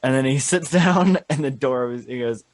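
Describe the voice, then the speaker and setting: A man's voice: mid-range voice, moderate pace, dry recording. A man co-hosting a podcast in casual chat, talking eagerly with lots of "like" and "um". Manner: enthusiastic, rambling, many fillers. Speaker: podcast co-host.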